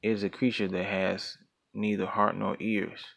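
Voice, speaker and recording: A man's voice: on the low side, little pitch movement, moderate pace, vocal fry, fairly bright tone. A man voicing a clever, tricky male monkey in a folktale reading, talking slyly with mock indignation.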